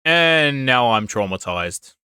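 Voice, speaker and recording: A man with a bright, forceful voice gives casual reaction commentary. He is blunt and sarcastic, swearing freely, recorded close and dry with no room sound. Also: medium pitch, big pitch swings, takes it slowly, clear, resonant tone, dry recording. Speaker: reaction channel host.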